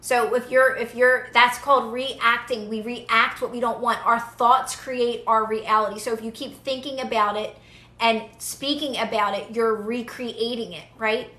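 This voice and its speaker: A woman's voice: fairly high pitch, steady tone, measured pace, sharp tone, reverberant. A young woman giving casual, earnest manifestation advice to viewers on a live stream, repeating phrases for emphasis.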